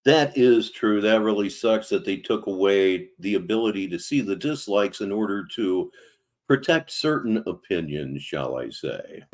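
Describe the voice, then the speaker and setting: A man's voice: fairly low pitch, animated, measured pace. A man hosting a commentary show, making dry, sarcastic asides.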